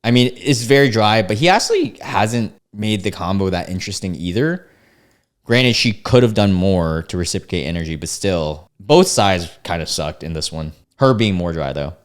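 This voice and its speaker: A young man with a fairly low voice talks through screenshots in a relaxed, amused tone. He trips over words, restarts sentences and chuckles as he goes. It sounds like a casual chat with viewers. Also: normal speed. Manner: laid-back, amused, reads chats aloud with restarts. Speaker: commentary host reading screenshots. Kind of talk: casual reaction commentary.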